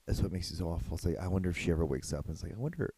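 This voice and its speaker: Man, podcast host, profane rants, deep gravelly voice, dry close sound. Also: fairly even intonation, very fast, dark tone, no room sound. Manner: profane, ranting, casual. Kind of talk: solo podcast commentary.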